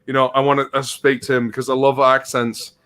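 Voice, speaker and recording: A man's voice: mid-range voice, little pitch movement, a little fast, a bit bright. A man co-hosting a casual podcast chat, a little drunk, rambling and swearing a lot as he laughs along. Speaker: podcast co-host.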